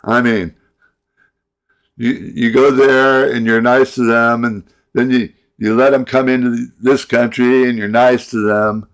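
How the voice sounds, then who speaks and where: A middle-aged man in a rambling monologue rant, halting and repeating his words, breaking into sighs and angry outbursts. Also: medium pitch, level tone. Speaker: vlogger.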